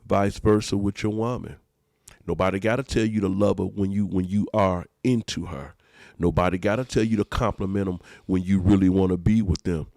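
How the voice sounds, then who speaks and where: Gravelly low-voiced preaching man. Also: brisk, no room sound, clean studio sound. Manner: emphatic, repeats phrases, lively. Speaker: pastor and podcast host. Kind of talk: preachy casual podcast talk.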